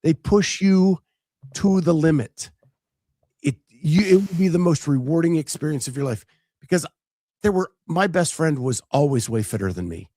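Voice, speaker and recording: A man's voice: a little high, lively intonation, moderate pace, dark tone, no room sound. Chatty man host on a dry mic. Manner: chatty and storytelling, many fillers and restarts. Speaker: podcast host. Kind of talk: casual chat.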